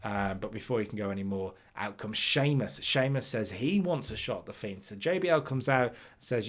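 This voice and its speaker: A man's voice: fairly low pitch, lively intonation, a little fast, hardly any pauses. A man casually talking through a wrestling booking game, recapping each segment and reading out its ratings. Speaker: streamer booking a wrestling sim.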